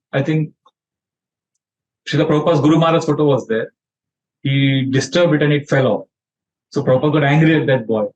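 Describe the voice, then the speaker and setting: Man telling scripture stories. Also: mid-range voice. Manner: animated storytelling, acting out quotes. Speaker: spiritual teacher. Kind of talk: scripture lecture with storytelling. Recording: dull lo-fi sound.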